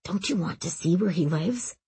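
A woman voicing a cheerful, mischievous young male prince who studies magic, with a low, hushed delivery. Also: expressive, moderate pace, slightly rough, dry recording, exaggerated voice. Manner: cheerful, then hushed and conspiratorial.

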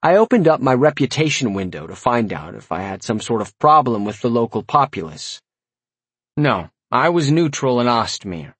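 A man's voice: medium pitch, sing-song, moderate pace, husky, no echo. A man narrating a first-person fantasy audiobook in a wry, conversational way.

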